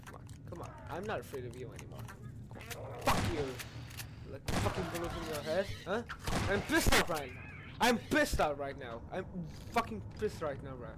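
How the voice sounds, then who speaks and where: Young guy yelling and cussing thru a horror game, high voice, noisy gunfire bg. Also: big pitch swings, moderate pace. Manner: swearing loudly, panicked yelling. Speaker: gaming channel host. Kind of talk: horror game let's play.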